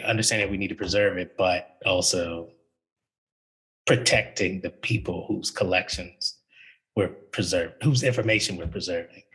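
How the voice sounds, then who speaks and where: A man's voice: low voice, a bit bright, slightly rough, low-quality recording. A man speaking as a university archivist on a panel, thoughtful and conversational, with frequent fillers. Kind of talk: panel discussion.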